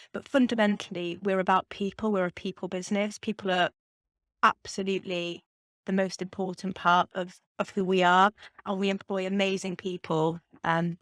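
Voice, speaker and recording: A woman's voice: medium pitch, little pitch movement, normal speed, a bit bright, no echo, clean studio sound. A woman with a Geordie accent, a company chief executive answering podcast interview questions in a confident, upbeat, businesslike way. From Newcastle, England. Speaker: brewery chief executive, guest.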